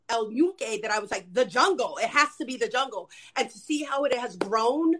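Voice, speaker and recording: A woman talking quickly and eagerly on a live stream, guiding her viewers through an energy practice. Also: high voice. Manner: rapid, animated, addresses viewers as "you guys". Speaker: guest, spiritual energy worker. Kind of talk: casual live-stream chat.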